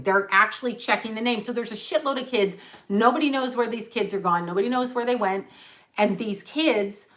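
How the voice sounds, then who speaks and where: Psychic lady on a livestream, rambly, keeps restarting and repeating herself, mid pitch. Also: fairly bright tone. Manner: rambling, self-correcting, emphatic repetition. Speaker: psychic medium. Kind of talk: livestream channeling talk.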